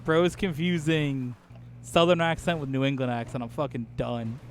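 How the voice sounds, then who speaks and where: A man's voice: mid-range voice, steady tone, moderate pace, slight background noise. A man chatting casually while gaming, teasing his friend and laughing often. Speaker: gamer.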